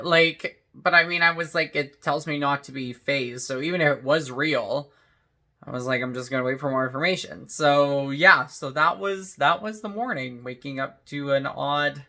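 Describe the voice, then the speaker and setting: Bright-voiced chatty young man. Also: on the high side. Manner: chatty, rambling, full of "like" and "you know". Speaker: vlogger. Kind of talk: casual storytelling vlog.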